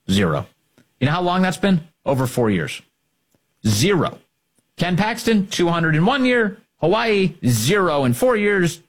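Husky, animated male talk host. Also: on the high side. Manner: combative, emphatic, repeats key points. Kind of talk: political talk commentary.

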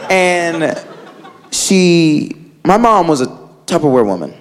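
A man's voice: fairly high pitch, sing-song, moderate pace, a little hiss or hum. A man doing a stand-up comedy set, telling a rambling story full of fillers and acting out the voices of the people in it.

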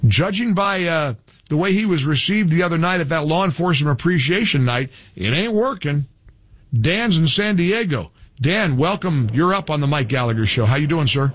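A man's voice: fairly high pitch, expressive, moderate pace, a bit bright, dry recording. A man hosting a talk radio show, speaking emphatically with scornful, repetitive insistence. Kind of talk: opinionated talk radio monologue.

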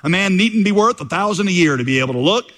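A man's voice: high voice, expressive, fast, big-room sound, pitched above the performer's own voice. A pastor acting out a thin, plain-spoken country lay preacher who pleads fervently as part of his sermon. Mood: earnest coaxing. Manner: rising into fervent shouting pleas. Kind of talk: sermon reading with acted quotes.

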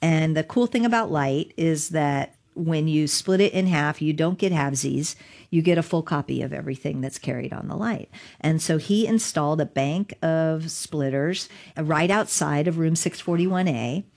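A middle-aged woman with a notably low voice recounts events as an interview guest. She tells it in an animated way and laughs often as she goes. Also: normal speed, gravelly. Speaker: digital rights lawyer. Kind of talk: storytelling in an interview.

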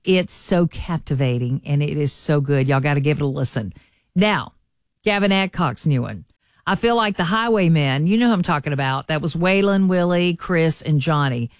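A woman's voice: deep voice, normal speed, no echo, clean studio sound. Chatty woman radio host. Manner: chatty, folksy, enthusiastic. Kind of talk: morning radio entertainment chat.

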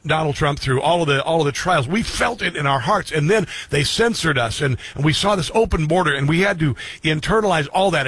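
A middle-aged man hosts his show in an earnest monologue, circling back and repeating lines for weight. His voice sits a bit high and sounds husky. The sound is close and dry. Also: fairly bright tone, no room sound. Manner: earnest, repetitive, restarts phrases. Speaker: radio and streaming show host. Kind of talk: reflective monologue to listeners.

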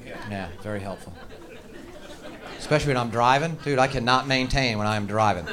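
A man doing a stand-up comedy routine on stage, ranting in a profane, exaggerated way with sudden shouted outbursts. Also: mid-range voice, a little fast, some chatter behind. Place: comedy stage before a live audience.

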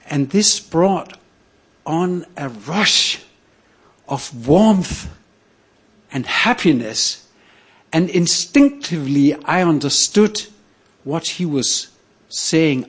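An older man from Denmark, telling a personal story on stage in a measured, reflective way with pauses. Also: mid-range voice, slightly rough. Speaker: storyteller, priest.

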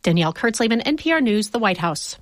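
Woman filing a crisp news report. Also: medium pitch, sing-song, quick pace, dry recording, studio quality. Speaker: correspondent.

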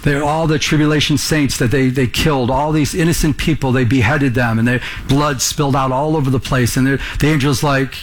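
A man's voice: medium pitch, steady tone, a little fast, hardly any pauses. A man preaching a sermon to a congregation in the room, earnest, pressing them with rhetorical questions. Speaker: pastor.

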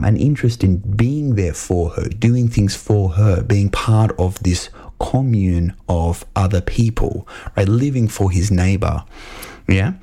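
A young man with a low, warm voice hosts a podcast about a film, working through his ideas in a casual, analytical way. He's thoughtful but rambling, with plenty of fillers and restarts.

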